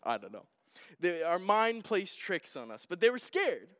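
A man's voice: high-pitched, very animated, moderate pace, fairly bright tone. A man delivering a conversational sermon to a congregation, asking them questions and retelling a Bible story. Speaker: pastor. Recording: long hall reverb.

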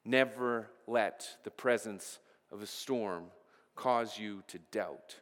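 A man's voice: lowish voice, slow, fairly bright tone, big-room sound. A pastor preaching a sermon, earnest, often repeating the first word of a phrase as he goes.

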